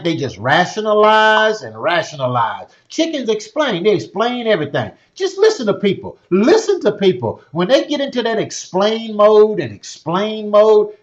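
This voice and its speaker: A man's voice: on the high side, muffled recording. A man hosting a live online session, giving a motivational talk with a preacher-like cadence, repeating phrases and calling out viewers by name.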